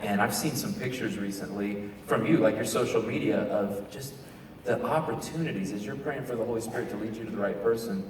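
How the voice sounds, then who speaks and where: A man's voice: lowish voice, a little fast, slight background noise. A male host asks earnest, rambling questions in an interview. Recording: echoey hall from far off.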